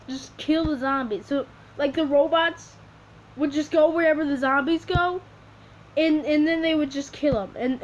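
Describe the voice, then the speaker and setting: High-voiced woman rambling through a story. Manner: rambling and halting, with many restarts. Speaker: video creator. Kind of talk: improvised storytelling while drawing. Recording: dull lo-fi recording with faint hiss.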